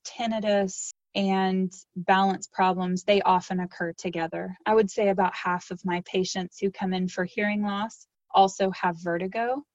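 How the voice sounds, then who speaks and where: A woman audiologist answering interview questions, explaining hearing care in a calm, informative way. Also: medium pitch, dry recording, muffled recording.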